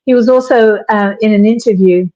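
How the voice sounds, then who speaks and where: Woman reminiscing, mellow dull-sounding line. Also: medium pitch, fairly quick. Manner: reminiscing, storytelling with quoted lines. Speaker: interview guest, widow. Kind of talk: conversational interview.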